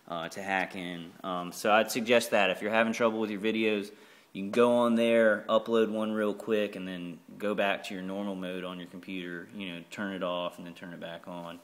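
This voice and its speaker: A man's voice: low voice, little pitch movement, normal speed. A man vlogging in a rambling, repetitive monologue, full of fillers and restarts.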